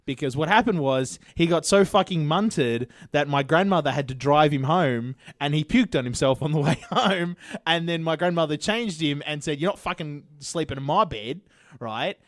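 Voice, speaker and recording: A young man hosting a casual podcast chat, telling stories in an animated way and swearing casually. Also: a little high, moderate pace, no echo, studio quality. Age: young adult. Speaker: podcast host.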